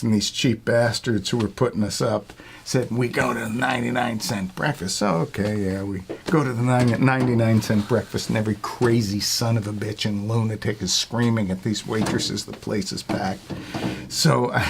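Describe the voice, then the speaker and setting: A man's voice: mid-range voice, steady tone, normal speed, background noise. A middle-aged man, a longtime retail worker, telling casual stories in a rambling, profane way and laughing as he goes. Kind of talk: casual storytelling.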